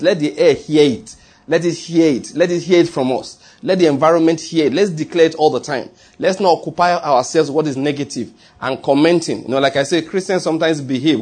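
Husky-voiced pastor guy preaching, chatty, keeps repeating lines and asking the crowd stuff. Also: on the high side, darkish tone. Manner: conversational preaching, repeats key phrases, asks the congregation questions. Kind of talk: sermon.

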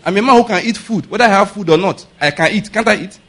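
Husky-voiced male preacher, conversational sermon. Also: high-pitched, fast talker, a bit bright. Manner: conversational preaching with rhetorical questions and laughter. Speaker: pastor.

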